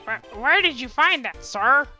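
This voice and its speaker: A woman's voice: high-pitched, lively intonation, unhurried, sharp tone, faint music behind, heavily acted. A woman voicing a bumbling, deferential male police detective from a video game who stammers and says ma'am and sir. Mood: alarmed.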